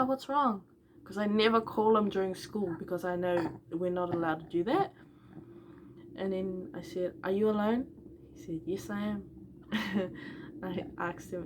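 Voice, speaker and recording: A woman's voice: mid-range voice, noisy background. A young woman, a new mother, candidly telling her personal story and acting out both sides of old phone calls. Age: young adult.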